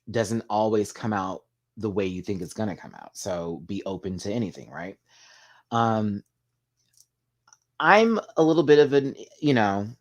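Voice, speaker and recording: A man hosting a casual live chat with viewers, talking in a sassy, animated way and swearing freely. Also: on the low side. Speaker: live stream host.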